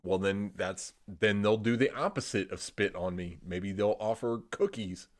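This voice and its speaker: A man's voice: fairly low pitch, a little slow. A young man from Indiana streaming casual rambling chat, laid-back, swearing freely and trailing off into "I don't know.". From Indiana, USA.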